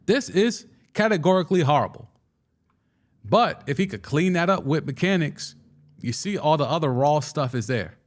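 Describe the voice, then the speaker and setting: A young man hosting a casual sports talk show, excitedly giving his takes and answering viewer comments, often restarting and stumbling over his words. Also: on the high side, moderate pace. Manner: excitable, with frequent restarts and stammers. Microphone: studio microphone.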